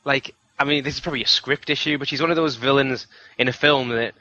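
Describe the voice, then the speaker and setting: Bright-voiced man in a dull lo-fi recording. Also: mid-range voice, steady tone, quick pace. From United Kingdom. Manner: chatty, hedging, many fillers. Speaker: film review podcast co-host. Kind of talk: casual film review chat.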